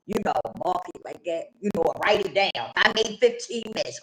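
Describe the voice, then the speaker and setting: A woman's voice: medium pitch, lively intonation, normal speed, fairly bright tone. Blunt, emphatic woman in an echoey room. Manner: blunt and emphatic, repeats phrases, casual swearing. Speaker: vlogger sharing her recovery story. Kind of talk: candid personal testimony.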